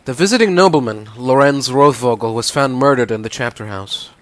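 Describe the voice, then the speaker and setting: A man voicing a polite, thoughtful young male artist in a let's-play, with lively, slightly exaggerated delivery. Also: medium pitch, a little fast, natural voice. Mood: earnest.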